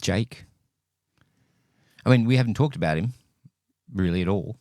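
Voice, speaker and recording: In a clean studio recording with no room sound, a man co-hosting a podcast riffs casually on a bad movie. His take is wry and rambling, and he keeps correcting himself. His voice is on the low side and warm, at a normal speed.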